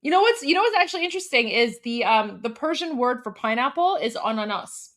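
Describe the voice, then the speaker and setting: A woman from Canada, in her forties, runs a casual live-stream chat with bubbly energy and frequent laughs. She speaks briskly in a fairly high, slightly bright voice with lively intonation.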